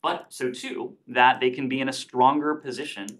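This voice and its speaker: A man, a government spokesperson, answering questions at a press briefing in a measured, deliberate way with many "uh" fillers. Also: mid-range voice, fairly even intonation, a bit bright. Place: briefing room.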